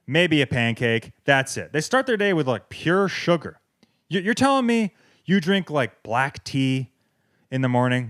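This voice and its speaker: A man's voice: fairly high pitch, lively intonation, normal speed, fairly bright tone, dry recording, studio quality. A man, hosting a podcast and ranting sarcastically with heavy swearing. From American South. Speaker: podcast host. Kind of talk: comedic rant. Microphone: wireless clip-on mic.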